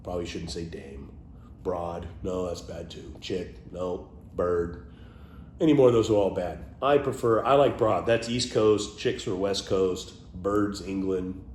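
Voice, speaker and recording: Man, lowish voice, playful casual monologue with muttered asides, roomy sound, faint hum behind. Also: unhurried, a little mellow. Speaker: vlogger sharing favorite words.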